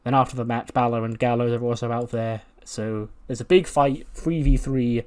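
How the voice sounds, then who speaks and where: Guy narrating his wrestling sim run, chatty, mid pitch, keeps correcting himself. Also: fairly even intonation, normal speed, a little mellow, clear, resonant tone. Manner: chatty, laughs at own jokes, self-correcting. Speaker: game commentator.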